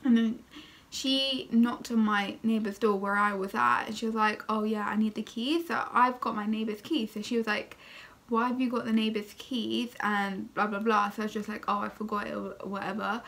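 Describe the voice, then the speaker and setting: A woman's voice: medium pitch, level tone, normal speed, creaky, a bit bright. A young woman telling a casual story-time vlog, chatty and full of fillers, tired and still recovering. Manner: chatty, many fillers like "like" and "oh my God". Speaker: vlogger.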